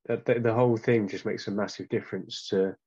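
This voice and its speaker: A man with a lowish, fairly monotone voice answers interview questions in a relaxed, halting way, full of "um"s and restarts. The recording sounds dull and lo-fi. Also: breathy edge. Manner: hesitant, many "um"s and restarts. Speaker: guest. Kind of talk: casual interview chat.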